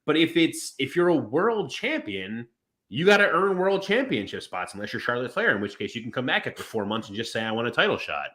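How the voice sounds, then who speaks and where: A man co-hosting a podcast in casual chat, rambling with restarts and acting out quotes in animated voices. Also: mid-range voice, fairly quick. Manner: rambling with many restarts and fillers. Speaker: podcast co-host.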